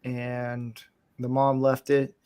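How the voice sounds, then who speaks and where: A man who grew up in Florida, talking casually at an ordinary middle pitch. He wanders from thought to thought, laughs at himself often and keeps things loose and unpolished. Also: monotone, slow pace, warm tone, clean tone. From Florida, USA. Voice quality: rambling, chuckling, self-deprecating. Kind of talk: casual chat.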